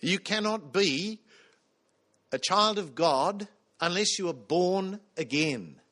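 A man's voice: high-pitched, expressive, slow pace, a bit bright. A man preaching a sermon, earnest, putting questions to the congregation.

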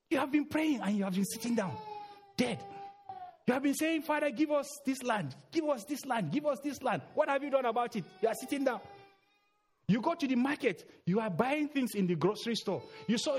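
A middle-aged man preaching a sermon in a church, urging loudly, then dropping low. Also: husky. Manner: emphatic, swings between loud urging and low murmurs.

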